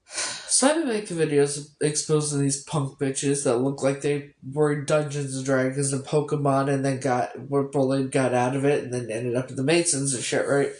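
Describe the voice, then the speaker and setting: A woman's voice: extremely low pitch, steady tone, normal speed, few pauses, a little mellow. A woman chatting casually on a phone livestream, sarcastic and swearing a lot as she greets viewers. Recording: roomy echo.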